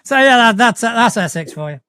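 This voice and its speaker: A man's voice: very high-pitched, animated, a little fast, noisy background. A man with a northern English accent chatting casually as a podcast co-host, often restarting his words and swearing now and then. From north of England. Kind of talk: casual chat.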